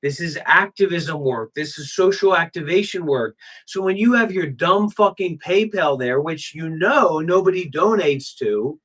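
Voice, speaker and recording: A man's voice: fairly high pitch, animated, unhurried, hardly any pauses, a bit bright, husky, rough recording. A man hosting a livestream, ranting profanely and talking back to his chat. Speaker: livestream host. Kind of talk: casual livestream rant.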